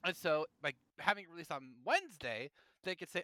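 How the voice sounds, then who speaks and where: Bright, clear-voiced male podcast host. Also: a little high, brisk, no echo. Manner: chatty, opinionated, animated asides. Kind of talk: casual podcast chat.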